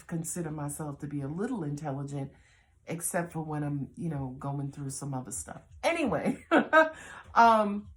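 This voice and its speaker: A woman with a Southern US accent giving a casual tarot reading, blunt, animated and full of cursing. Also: mid-range voice. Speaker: tarot reader.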